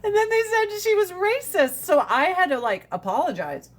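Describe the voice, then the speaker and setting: Woman, casual livestream host on a phone, blunt, profane and animated. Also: extremely high pitch, normal speed.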